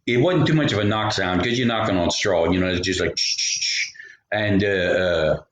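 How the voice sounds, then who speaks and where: A man's voice: deep voice, brisk, slight background noise. A man telling a folksy story, rambling into jokey asides. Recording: roomy echo.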